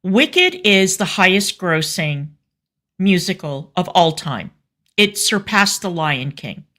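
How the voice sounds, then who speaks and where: A woman's voice: lowish voice, lively intonation, slow, pushed and bright. A woman co-hosting a commentary show, talking candidly and effusively in a casual chat, with fillers and restarts. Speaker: show co-host.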